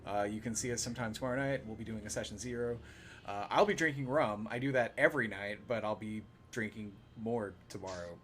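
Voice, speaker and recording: A man's voice: on the low side, brisk, a bit bright, slight background noise. A man hosting a tabletop game stream, chatting casually and laughing often. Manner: laid-back, laughs often. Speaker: player and stream host. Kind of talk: casual chat.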